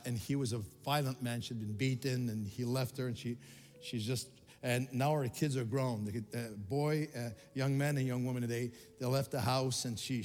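An older male pastor from Quebec preaching with rising passion and frequent restarts. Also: medium pitch. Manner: impassioned, rising to near shouts, many restarts. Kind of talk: sermon. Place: church sanctuary. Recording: reverberant hall with music behind.

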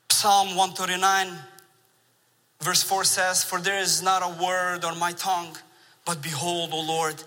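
Bright-voiced man preaching in a hall. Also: high voice. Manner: animated storytelling with laughs. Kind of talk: sermon. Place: large church sanctuary. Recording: long reverb of a large church hall.

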